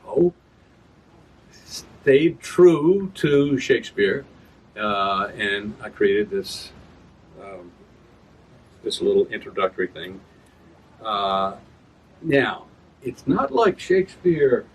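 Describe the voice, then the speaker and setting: A man's voice: fairly low pitch, lively intonation, takes it slowly, long pauses, husky. A man giving a reading of his own work, chatting casually with a live audience about verse and correcting himself as he goes. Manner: chatty, explains with rhythm sounds, self-corrects. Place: reading event room. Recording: distant mic with room ambience.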